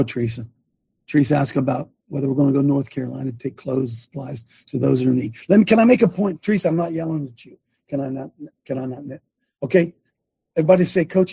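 A man preaching passionately to his congregation as host of the show, ranting with his voice leaping high when fired up. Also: gravelly, dark tone, husky, no echo.

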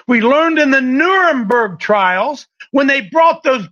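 A male preacher with a strikingly high voice delivers a fiery sermon, rising to shouts and then dropping into hushed asides. The recording is dull and lo-fi. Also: lively intonation, takes it slowly, hardly any pauses. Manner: impassioned, swinging between shouting and hushed asides.

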